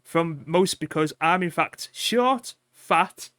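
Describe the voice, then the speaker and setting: A man in his sixties, co-hosting a comedy podcast, talks in casual banter with a dry, self-mocking manner and sometimes drops into a low mutter. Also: animated, slow, fairly bright tone, no echo. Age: 60s. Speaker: podcast co-host.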